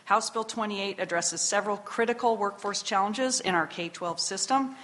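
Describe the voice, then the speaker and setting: A woman in her sixties giving measured, earnest testimony to a legislative committee from prepared remarks. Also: mid-range voice, fairly bright tone, a little hiss or hum. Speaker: invited testifier. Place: committee hearing room.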